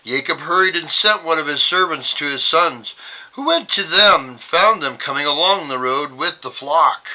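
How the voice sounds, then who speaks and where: Man, Bible study host, scripture reading, wry sarcastic asides, very bright voice. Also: a little high, expressive, normal speed, poor audio. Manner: wry, sarcastic side comments.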